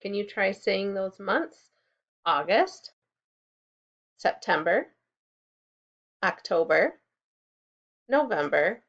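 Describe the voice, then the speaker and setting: Slow, gravelly-voiced kindergarten teacher. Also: female voice, mid-range voice, a bit bright, muffled recording. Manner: slow, clear, encouraging, prompts children to repeat. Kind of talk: recorded remote class lesson.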